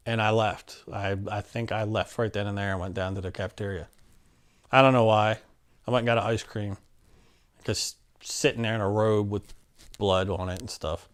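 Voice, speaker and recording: A middle-aged man candidly recounting a personal story in an interview, acting out what people said. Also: lowish voice. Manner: candid, plainspoken, acts out quotes.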